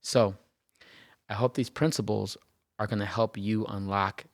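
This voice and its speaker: A man's voice: lowish voice, fairly even intonation, unhurried, no echo, studio quality. A man, a therapist hosting a podcast, telling his own story in an earnest, reflective way, often repeating phrases and checking in with "right?". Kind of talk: personal reflective podcast monologue.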